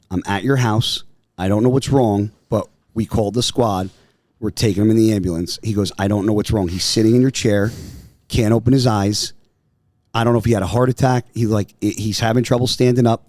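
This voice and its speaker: A man's voice: fairly low pitch, dry recording, studio quality. A man telling a story in casual podcast chat, swearing freely and acting out what people said. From New Jersey, US. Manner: animated, profane, acts out voices in quotes. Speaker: podcast guest. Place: podcast studio.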